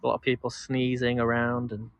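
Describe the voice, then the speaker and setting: A man's voice: medium pitch, monotone, fairly quick, clean tone. A man chatting casually to a live-stream audience as he walks outdoors in a park, rambling with restarts and laughs. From England. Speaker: vlog host. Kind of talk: casual live-stream chat while walking.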